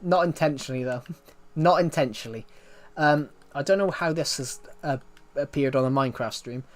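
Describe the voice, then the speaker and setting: A young man talks casually to his viewers during a game stream. He wanders from story to story and makes fun of himself. His voice sits at an ordinary pitch for a man. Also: moderate pace. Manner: rambling, self-mocking storytelling. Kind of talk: casual live-stream chat.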